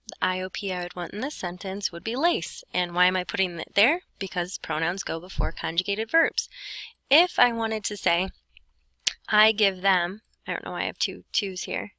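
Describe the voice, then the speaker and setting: A woman's voice: medium pitch, pushed and bright, no echo, low-quality recording. A woman teaching a Spanish grammar lesson, explaining step by step and talking to herself as she writes. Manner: explains step by step, talks to herself while writing. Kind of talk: lesson walkthrough.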